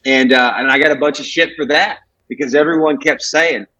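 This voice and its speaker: A man, a comedian telling profane, animated stories on a podcast. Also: mid-range voice, a little fast, low-quality recording. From Alabama, USA. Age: 20s. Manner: animated, profane storytelling with acted-out quotes. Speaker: comedian guest. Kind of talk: casual podcast chat.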